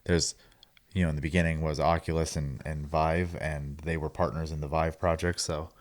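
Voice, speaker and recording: Deep-voiced easygoing man. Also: little pitch movement, moderate pace. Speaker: podcast co-host. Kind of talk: casual chat about video games.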